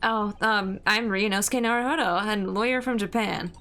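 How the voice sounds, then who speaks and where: A woman's voice: medium pitch, fairly even intonation, normal speed, sharp tone, faint music behind. A woman voicing an earnest young male lawyer. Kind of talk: reading game dialogue aloud in character.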